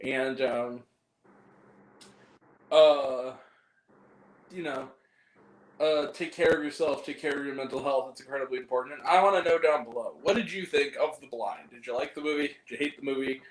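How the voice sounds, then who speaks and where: A man's voice: mid-range voice, normal speed, long pauses. Rambling man in an echoey room. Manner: rambling, laughing, crude jokes. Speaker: movie review host. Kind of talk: casual chat with a guest.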